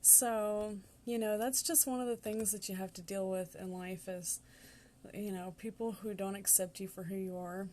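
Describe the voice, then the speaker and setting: A woman's voice: medium pitch, steady tone, moderate pace, dark tone, slight background noise. A woman in her forties with a Southern accent, giving a casual tarot reading in a chatty, rambling way and laughing often. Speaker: tarot reader.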